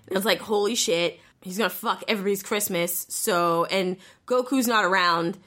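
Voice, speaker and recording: A woman casually retelling an anime episode to a friend, animated, acting out the characters' lines and swearing freely. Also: mid-range voice. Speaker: anime recapper in a casual chat. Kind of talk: casual chat.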